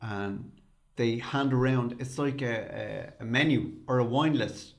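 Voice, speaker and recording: A man's voice: mid-range voice, measured pace, creaky. A man chatting casually and telling a pub story, swearing freely as he goes. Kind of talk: casual chat.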